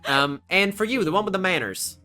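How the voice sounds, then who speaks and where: A woman's voice: fairly low pitch, animated, fairly quick, faint music behind, natural voice. A woman voicing a folksy, motherly diner owner who drawls and calls everyone sweetie and hon. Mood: doting.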